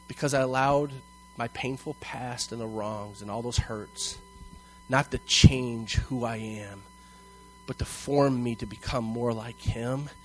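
A male pastor preaching a sermon to a congregation in church, telling a personal story and acting out its dialogue with animated delivery. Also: medium pitch, slight background noise, poor audio. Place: church service before a congregation.

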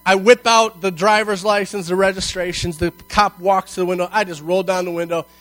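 A male pastor preaching a sermon to a congregation in church, telling a personal story and acting out its dialogue with animated delivery. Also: high voice, fairly quick, few pauses, no room sound, rough recording. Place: church service before a congregation.

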